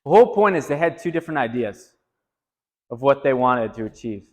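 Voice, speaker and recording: Retreat leader, male, mid-pitched, tells stories in an animated way with lively quoted voices, recorded with a long hall echo. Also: fairly quick. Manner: animated, rising pitch when quoting. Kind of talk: storytelling to a group. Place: retreat meeting room.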